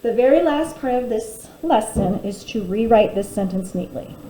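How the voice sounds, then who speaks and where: A woman teacher giving a phonics lesson to young children, sounding out words slowly and clearly and encouraging them warmly. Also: fairly high pitch, lively intonation, a little hiss or hum, poor audio. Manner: warm, encouraging teacher talk.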